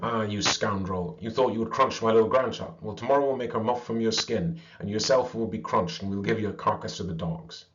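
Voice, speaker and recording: Fierce scolding old granny, read by a man, low tone, slightly muffled storybook audio. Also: a little fast, hardly any pauses, fairly bright tone, close to an everyday voice. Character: fierce, brave old grandmother.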